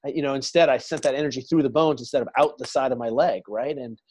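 A man's voice: medium pitch, fast talker, darkish tone, breathy edge, no room sound. Male guest, forties, medium voice, meandering storyteller, dry close mic. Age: 40s. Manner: rambling storyteller, trails off and restarts. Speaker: podcast guest. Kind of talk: casual interview chat.

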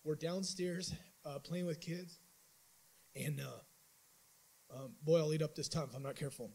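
A man giving a church mission trip report as an informal sermon testimony, telling his story in an animated way with many restarts. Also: on the high side, measured pace, creaky, husky, rough recording.

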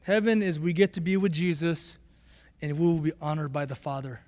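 High-voiced pastor preaching with emphasis. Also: male voice, brisk, long reverb tail. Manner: emphatic, repeats key phrases, rising to bursts of excitement. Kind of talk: sermon.

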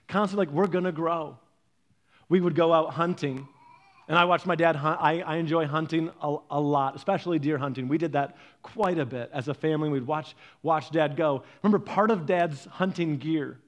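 Man, storytelling talk, animated, quotes his parents in voices, slightly higher voice. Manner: animated storytelling, acting out his parents' lines, often lively and raised. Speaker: speaker giving a faith and parenting talk.

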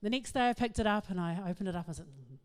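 A middle-aged woman, giving a humorous, self-mocking talk to an audience in an animated storytelling manner. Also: mid-range voice, racing, smooth. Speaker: speaker.

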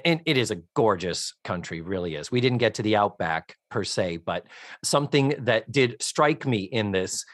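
A man co-hosting a casual podcast chat, animated and profane, often acting out lines. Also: lowish voice, normal speed, no echo, studio quality. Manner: animated, profane, acts out lines in character voices. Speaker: podcast co-host.

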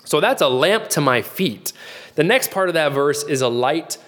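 A man's voice: fairly high pitch, lively intonation, moderate pace, fairly bright tone, in a large hall. A middle-aged man preaching a sermon in an earnest, conversational way, often restarting his phrases. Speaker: pastor.

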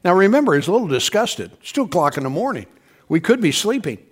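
A male pastor preaching in a relaxed, storytelling style with a fairly high voice. He keeps asking the congregation to answer back. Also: fast talker. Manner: conversational storytelling, calls on the congregation to respond. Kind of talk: sermon.

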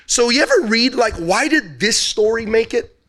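Male pastor with a high voice, chatty storyteller in the pulpit, quizzes the crowd. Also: lively intonation, normal speed, fairly bright tone. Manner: casual storytelling preacher who asks the audience questions. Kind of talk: sermon.

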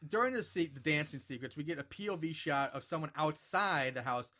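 A man's voice: on the high side, lively intonation, a little fast, sharp tone. A rambling, swearing man recapping a film. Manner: rambling, profane, filler-heavy. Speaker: podcast co-host recapping a movie. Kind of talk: casual chat.

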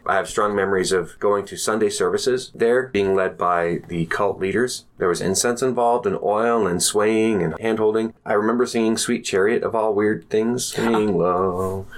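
A middle-aged American man, a podcast guest, calmly and reflectively telling his life story in an interview. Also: fairly low pitch, normal speed, hardly any pauses. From United States.

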